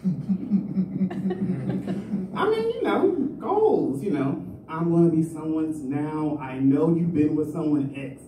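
Guy doing open mic standup, slow and rambly, laughs at his own bits, echoey club mic from a distance, bit of hiss. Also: on the high side, big pitch swings. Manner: rambling, self-mocking, laughs at own jokes. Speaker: stand-up comedian. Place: small comedy club stage. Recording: roomy club sound from far off, faint noise.

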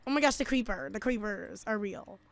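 A woman's voice: mid-range voice, animated, brisk, vocal fry. A woman chatting casually while playing a game, giggly and chatty, calling her friend "girl" and chanting playful taunts. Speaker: gameplay video host. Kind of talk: casual gaming chat.

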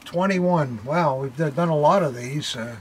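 An older man hosting a casual unboxing chat, halting and full of fillers, often breaking off in awe. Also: fairly high pitch, slightly rough. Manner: hesitant, full of fillers and awed exclamations. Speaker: militaria dealer hosting unboxings.

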